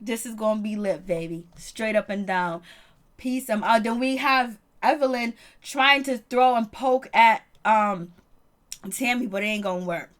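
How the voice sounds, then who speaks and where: A woman giving a casual, animated recap of a reality TV episode, slangy and quick to laugh. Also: a little high. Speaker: reality TV reviewer.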